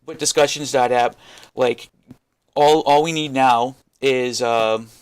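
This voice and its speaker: A man's voice: mid-range voice, steady tone, slow pace, smooth. A man ranting to camera as a vlogger, frustrated and swearing constantly, rambling with many restarts. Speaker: crypto vlogger. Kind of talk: unscripted rant to camera.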